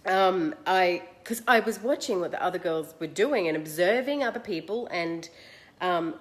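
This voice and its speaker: An Australian woman in her forties, hosting and telling a personal story in a chatty, animated, self-mocking way. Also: fairly low pitch, moderate pace, a little hiss or hum. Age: 40s. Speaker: host.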